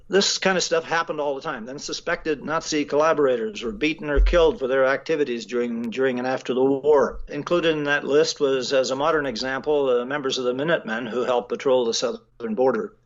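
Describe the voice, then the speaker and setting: A man talking as the guest of an interview, measured and a little halting, often pausing on fillers. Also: medium pitch, lo-fi sound. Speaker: guest writer. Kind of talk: casual phone interview.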